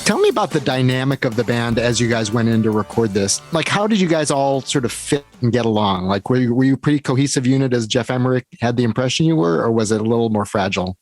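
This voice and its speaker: A man hosting a podcast interview, chiming in with affirming remarks and asking follow-up questions. He sounds engaged and talks at an ordinary pitch. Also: animated, fast talker, few pauses, faint music behind. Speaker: podcast host. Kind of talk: conversational interview.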